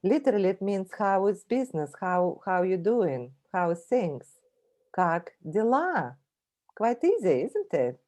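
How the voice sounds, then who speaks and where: A woman from Russia with a Russian accent, giving a friendly travel presentation that includes a short language lesson, repeating words slowly for the audience to copy. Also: medium pitch, big pitch swings, warm tone.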